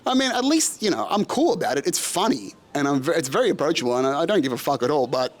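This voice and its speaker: A young Australian man spins a casual story on his podcast, swearing freely and breaking into laughter. His voice sits a little on the high side for a man, relaxed and self-mocking. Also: quick pace, hardly any pauses. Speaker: podcast host.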